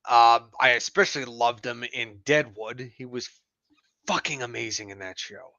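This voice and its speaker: Male co-host, gravelly and bright, blunt and exasperated, casual swearing chat. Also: medium pitch, normal speed, dry recording, lo-fi sound. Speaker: podcast co-host.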